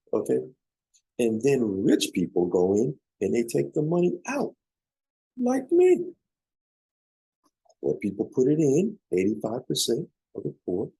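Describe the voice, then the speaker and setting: A man's voice: lowish voice, vocal fry, mellow, slightly rough, no echo, rough recording. A man coaching on business funding, telling a story emphatically, repeating key points and checking in with listeners. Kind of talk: motivational storytelling talk.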